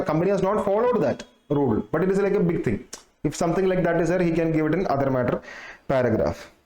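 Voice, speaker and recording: A man's voice: fairly high pitch, darkish tone. Echoey man teaching. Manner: repetitive, explains step by step with many fillers. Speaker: exam-prep teacher. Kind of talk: casual recorded lecture. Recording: roomy echo.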